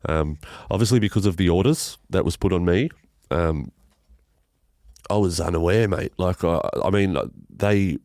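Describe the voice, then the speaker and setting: Australian man, low register, emotional podcast guest, halting delivery, frequent swearing, dry mic. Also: a little mellow, dry recording. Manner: halting, emotional, swears often, many restarts. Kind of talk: emotional personal storytelling interview.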